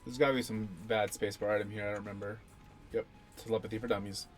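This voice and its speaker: A man's voice: on the low side, little pitch movement, quick pace, soft background music. A young man casually talking through his own gameplay, rambling and self-deprecating, swearing now and then. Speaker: gaming channel host.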